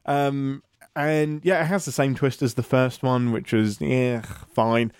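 An enthusiastic man with an English accent, talking through a film with his co-host and laughing easily. His voice sits at a middle pitch. It is recorded close and dry, with no room sound. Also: little pitch movement, unhurried, smooth, no room sound. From England. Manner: chatty, enthusiastic, laughs often. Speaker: podcast co-host and writer. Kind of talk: casual chat.

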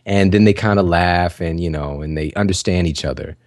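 A man's voice: deep voice, a little fast, a little mellow, dry recording, studio quality. A man hosting a podcast, giving casual, encouraging advice straight to his listeners, with lots of "you know" and "like". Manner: conversational, full of "you know" and "like" fillers; encouraging, addresses listeners directly. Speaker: podcast host. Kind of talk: casual motivational talk.

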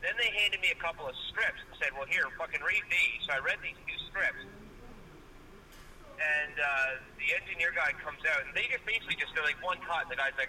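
A man's voice: a little high, fast talker, sharp tone, a little hiss or hum, low-quality recording. A man co-hosting a podcast, telling a long rambling story and swearing constantly in casual chat. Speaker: podcast co-host.

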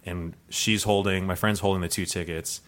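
On a comedy podcast, a guest with a low, slightly bright voice relates a true story at a moderate pace and fairly even intonation. His rambling account is full of fillers and restarts, and he keeps chuckling at what he's telling.

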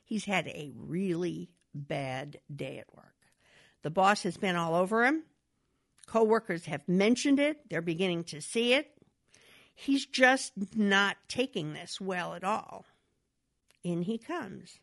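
A woman giving a talk, telling an illustrative story with animated storytelling. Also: fairly low pitch, slow pace, gravelly. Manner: animated storyteller, wide swings in voice. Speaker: speaker on domestic violence. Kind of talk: storytelling lecture.

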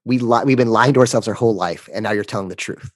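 A man speaking as a podcast guest, telling a candid story in a halting way, often restarting sentences and emotional at times. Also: fairly low pitch, dry recording.

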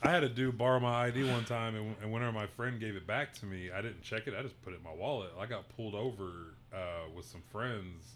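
A man from Fairfax, Oklahoma, telling a swearing, animated story in casual talk and acting out the quotes. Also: on the low side, fast talker, few pauses, a little hiss or hum.

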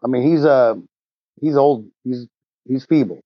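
A man's voice: mid-range voice, a little slow, dry recording, muffled recording. A man playing a tabletop role-playing game, describing scenes casually and rambling with fillers. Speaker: tabletop player. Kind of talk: improvised role-play narration.

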